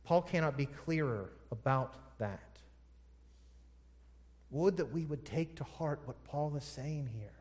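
A fairly high-voiced man preaching from a pulpit, firing rhetorical questions at his listeners. He swings from low, hushed passages to loud, forceful peaks. His voice rings with the long reverb of a large church hall. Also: expressive, takes it slowly. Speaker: pastor. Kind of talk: sermon.

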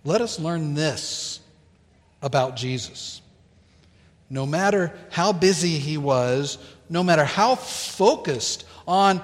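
Slow, dramatic preacher in a reverberant hall. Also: male voice, fairly high pitch, expressive. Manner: slow, deliberate storytelling delivery with dramatic pauses. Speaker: pastor. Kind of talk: sermon.

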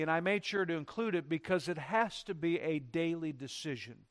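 High-voiced preaching pastor. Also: male voice. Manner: emphatic preaching with sweeping loud and soft swings. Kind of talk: sermon. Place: church.

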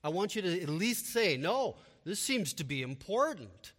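A man's voice: high voice, very animated, normal speed, fairly bright tone, big-room sound. A man preaching a sermon with emphatic delivery and repeated rhetorical questions. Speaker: pastor.

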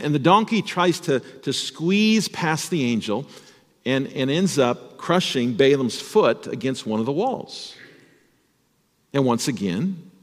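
A man's voice: mid-range voice, long reverb tail. A man, a pastor, telling a Bible story as a children's sermon and asking the children questions. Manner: animated, addresses children with questions.

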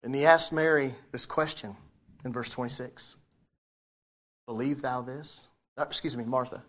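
In a brisk, mid-range voice with a bit of brightness, this male pastor delivers a conversational sermon, putting questions to his congregation. He reads scripture out loud and fixes his own wording as he goes.

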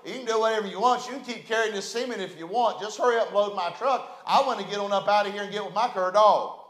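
A man with a West Virginian accent voicing a gruff, blunt, impatient old male mountain farmer in a hillbilly drawl, in a roomy church. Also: sits high, quick pace, fairly bright tone.

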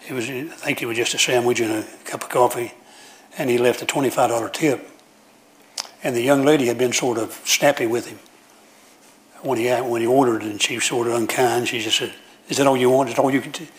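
A man's voice: mid-range voice, steady tone, brisk. A man preaching a sermon in a church, telling folksy stories with frequent restarts and repeated phrases.

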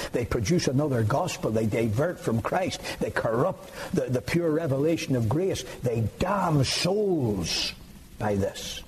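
A man preaching a sermon, emphatic and rising to impassioned high peaks. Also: warm tone, a little hiss or hum, rough recording.

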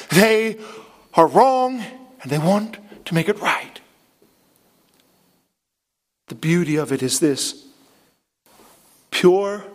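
A man preaching a sermon in an earnest, impassioned way, with dramatic pauses. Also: high voice. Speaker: pastor.

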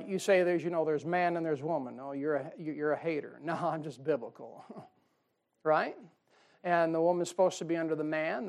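A man's voice: a little high, gravelly. A middle-aged man preaching a sermon as pastor, in a folksy, conversational way with chuckles and asides.

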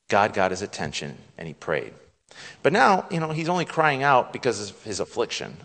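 A man preaching a sermon with drama, his voice climbing when he acts out God's lines and dropping to a hush at solemn points. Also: mid-range voice, big pitch swings, moderate pace, long pauses, big-room sound. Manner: drops to a hushed, soft tone at solemn points.

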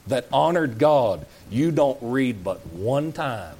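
A man's voice: medium pitch, big pitch swings, takes it slowly, a little mellow, slightly rough. A man preaching a sermon in a church, folksy and plain-spoken, asking the congregation question after question. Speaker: pastor.

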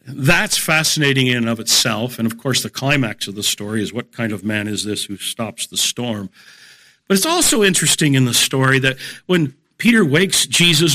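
A middle-aged man giving a measured, emphatic Bible lecture, explaining a psalm verse by verse. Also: mid-range voice, expressive, bright, forceful tone. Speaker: Bible teacher.

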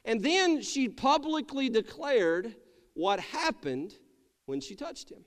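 Man, pastor, sermon, high voice, calls for amens, long church reverb. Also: big pitch swings, takes it slowly. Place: church sanctuary.

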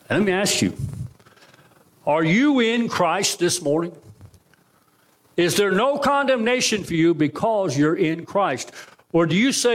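A man preaching a sermon in a church, firing rhetorical questions at the congregation and swinging from loud to hushed. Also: a little high, animated, a little slow, pauses often. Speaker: pastor. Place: church sanctuary.

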